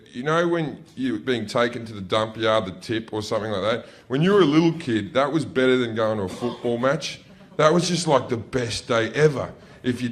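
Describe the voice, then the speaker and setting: A man telling rambling, profane stand-up stories, often correcting himself mid-sentence. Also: medium pitch. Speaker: stand-up comedian. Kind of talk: stand-up comedy storytelling.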